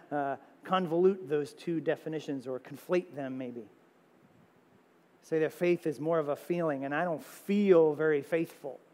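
A man preaching a sermon as pastor, animated, firing off rhetorical questions with sudden loud high exclamations. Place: church sanctuary. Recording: long reverb of a church sanctuary.

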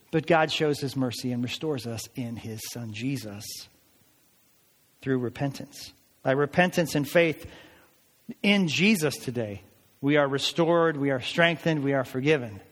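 A man's voice: mid-range voice, normal speed, long reverb tail. A man preaching a sermon as a pastor, earnest and emphatic, his voice rising on pleading passages.

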